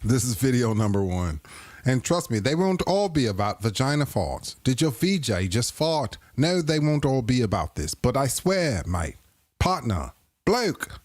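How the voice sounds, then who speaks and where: A man's voice: mid-range voice, big pitch swings, normal speed, darkish tone, no echo. A man hosting a live stream, reacting to clips with crude, playful jokes and frequent laughter. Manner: playful, keeps breaking into laughter; crude joking banter. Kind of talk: casual reaction commentary.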